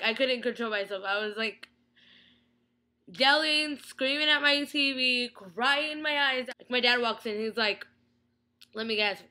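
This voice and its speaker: A young woman ranting excitedly about a TV episode in a casual vlog, gushing and stumbling over her words with lots of "like". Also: fairly high pitch. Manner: gushing, breathless, lots of "like" and restarts. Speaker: vlogger reviewing a TV episode.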